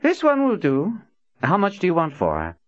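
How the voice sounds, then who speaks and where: Here a man puts on a theatrical old prophet, lifted well above his own low register, purring and mocking as he commands. His pitch swings widely. The recording is dull and lo-fi. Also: huge pitch swings, moderate pace, no echo.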